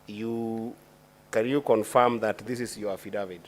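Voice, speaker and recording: A man, a senator questioning a witness at a formal hearing in a deliberate, formal way, often restarting his phrases. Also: lowish voice, fairly even intonation. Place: committee hearing chamber.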